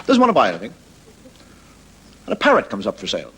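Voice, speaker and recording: A man telling stand-up stories with a wry, deadpan delivery as the host of a comedy show. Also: lowish voice, breathy edge, some chatter behind, poor audio. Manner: wry, deadpan storytelling with quick voices for characters. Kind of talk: stand-up storytelling. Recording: studio audience laughing.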